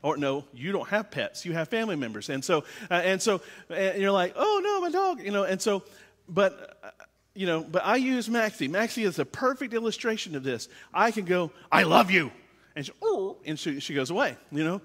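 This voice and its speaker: A male pastor with a high-pitched voice delivers a sermon in a loose, conversational way, leaning on repeated phrases to drive points home. His voice rings out with the long reverb of a church sanctuary. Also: lively intonation, a little fast, a bit bright.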